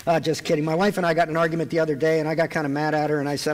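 A man's voice: fairly high pitch, lively intonation, normal speed, pauses often, some chatter behind, a little hiss or hum. A man preaching a sermon to a live audience, conversational and joking as he retells a Bible story. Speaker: pastor. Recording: long hall reverb.

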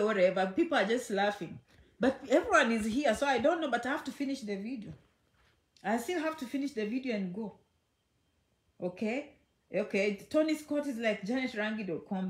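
A woman hosting a casual livestream chat from home, chatty and affectionate, often checking in with okay. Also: fairly high pitch. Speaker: social media host. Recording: echoey room.

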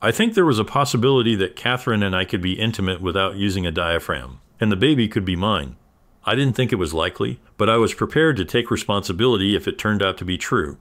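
A man reading a scripted first-person story in an even, measured way. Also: fairly low pitch. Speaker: narrator.

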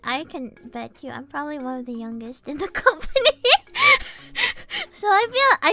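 A woman's voice: high voice, pushed and bright. A young woman streaming casually, giggling often, talking about herself in the third person and dropping a cute "mo" tic. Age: young adult. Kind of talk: casual livestream chat. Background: faint background music.

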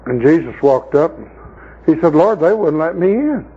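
A man's voice: fairly high pitch, animated, moderate pace, warm tone, husky. Folksy preacher man on a muffled tape. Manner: folksy storytelling preacher, mocking voices in quoted scenes. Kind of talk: sermon. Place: meeting hall at a camp.

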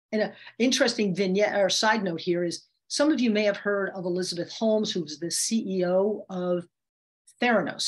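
Husky-voiced woman coaching in a webinar. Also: mid-range voice. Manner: demonstrative, shifts her voice to illustrate points. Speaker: communication coach. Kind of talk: webinar teaching.

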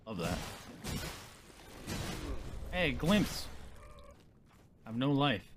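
A man's voice: mid-range voice, big pitch swings, drawn-out words, background noise. A man giving let's play commentary as a gaming streamer, swearing and ranting at the game in frustration.

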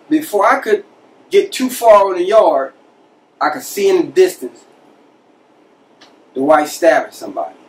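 A man tells a story from his own past in a loose, conversational way. He slips into the voices of the people he quotes. His voice sits a bit high for a man and sounds set back from the microphone. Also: distant mic, poor audio. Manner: conversational, animated retelling with quoted dialogue. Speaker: podcast host telling a personal prison story. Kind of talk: casual storytelling.

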